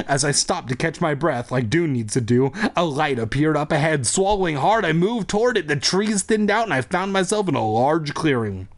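A man hosting a comedy podcast, reading a kids' horror book aloud with crude, joking asides. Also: on the high side. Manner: animated, swings from mock-spooky narration to crude jokes.

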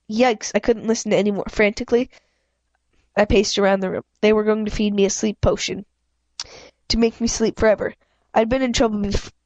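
Reading a children's novel aloud in a plain voice, this woman often stumbles and corrects herself. Her pitch is medium and her tone darkish. She recorded on a home microphone she set up herself, and the sound is dry and muffled.

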